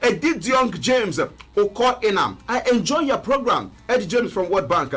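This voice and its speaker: Animated high-voiced Nigerian man. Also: normal speed, breathy edge. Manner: animated, jokey, mixes in pidgin. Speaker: sports show host. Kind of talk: lively live sports talk.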